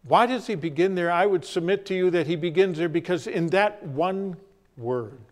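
A man preaching a sermon as pastor, telling stories with deliberate, dramatic pauses. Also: high voice.

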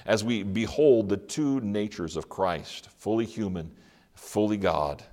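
A man preaching an Advent sermon, reading scripture aloud and asking the listeners rhetorical questions, with dramatic pauses. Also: on the low side, a little mellow.

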